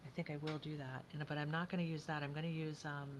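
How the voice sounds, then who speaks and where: A woman's voice: sits low, little pitch movement, quick pace, hardly any pauses, background noise. A woman chatting casually as she works on a craft project, thinking aloud and often dropping to a whisper.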